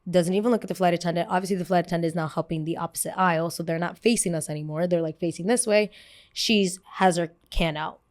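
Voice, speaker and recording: A woman hosting a podcast and telling a story in a casual, chatty way. Her voice sits a little low. She talks fast and keeps the story moving with lots of "like" and quick asides. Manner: animated, fast, full of "like". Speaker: podcast host.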